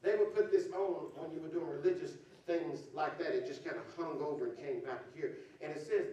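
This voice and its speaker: A man preaching a sermon as pastor, talking to his congregation as y'all and rising into shouts. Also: on the high side, brisk, dull audio, a little hiss or hum. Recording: echoey hall, distant mic, faint ambience.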